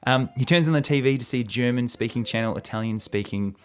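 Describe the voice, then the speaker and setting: A man's voice: mid-range voice, fast. Jokey male podcast host. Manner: jokey, storytelling, laughs at his own bits. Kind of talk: casual chat, recapping a script.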